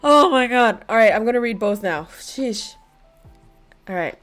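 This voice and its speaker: A woman livestreamer chatting casually with her viewers, excitable, laughing often and swearing freely. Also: fairly high pitch, measured pace, faint music behind.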